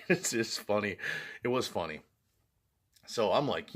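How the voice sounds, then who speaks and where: A man telling a story from his own past straight to the camera in a relaxed, chatty way. His pitch rises and falls a lot as he talks, and he keeps breaking into laughter. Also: slow, husky. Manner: laughs often while telling the story, fillers like "like" and "you know". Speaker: vlogger. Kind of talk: casual storytelling.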